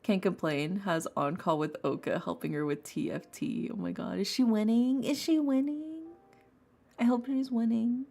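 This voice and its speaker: A woman's creaky, dark-toned voice at medium pitch and moderate pace carries a rambling tarot live stream from home. She's chatty, laughs often and repeats herself, faint lofi music in the background.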